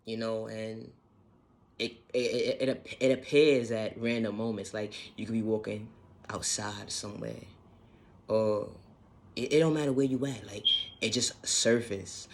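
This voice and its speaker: A man's voice: on the low side, fairly even intonation, a little slow, vocal fry. A man talking casually and earnestly about self-healing, repeating his points and swearing now and then. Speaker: self-help vlogger. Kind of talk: casual motivational monologue.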